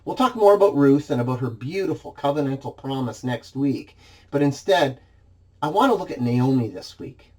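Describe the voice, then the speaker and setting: Expressive man preaching a sermon. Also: normal speed. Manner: expressive reading, dramatizing quoted scripture with shifts in pitch and volume. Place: church.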